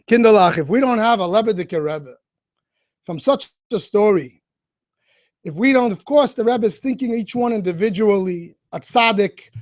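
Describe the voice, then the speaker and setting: A middle-aged man speaks as a rabbi to schoolchildren, spinning an animated story and calling out to them directly. His voice sits fairly high for a man. The sound is dry and close, with no room around it. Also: dry recording. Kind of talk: storytelling talk.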